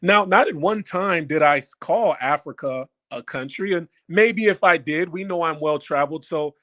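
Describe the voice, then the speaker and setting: A man hosting a live stream, talking straight to his viewers in an animated, mocking way and repeating lines for emphasis. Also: fairly high pitch, normal speed.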